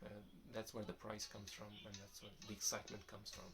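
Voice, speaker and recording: A man's voice: on the low side, brisk, gravelly, over music. A young man casually answering viewer questions in a vlog, rambling and restarting his sentences. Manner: rambling, restarts often, relaxed and candid.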